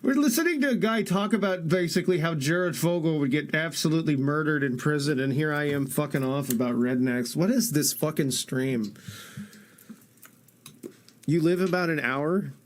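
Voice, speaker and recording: A man's voice: a little high, moderate pace, a little hiss or hum. A man streaming casual, profane reaction commentary, incredulous and jokey, swearing freely.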